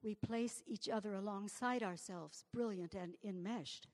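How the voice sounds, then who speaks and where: A woman poet reading her poetry aloud with an intense, incantatory delivery that swings from hushed to near-shouted. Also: medium pitch, a little slow. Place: reading venue hall. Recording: long hall reverb.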